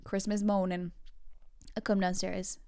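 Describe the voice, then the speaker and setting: A woman around thirty, hosting a podcast with bubbly, giggly storytelling and quick tangents. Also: mid-range voice, level tone, a little mellow, smooth, dry recording, clean studio sound. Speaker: podcast host. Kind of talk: casual chat.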